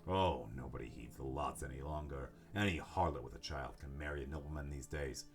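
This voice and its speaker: A man's voice: extremely low pitch, gravelly, faint music behind. A man voicing a mad old grandfather. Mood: lamenting. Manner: slow, brooding, menacing. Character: old nobleman grandfather, zealous and going mad.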